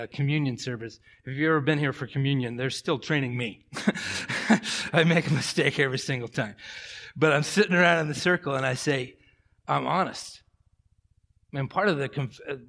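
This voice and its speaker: A middle-aged male pastor preaching a sermon, telling stories with animated swings from loud to hushed. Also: mid-range voice, creaky. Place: church.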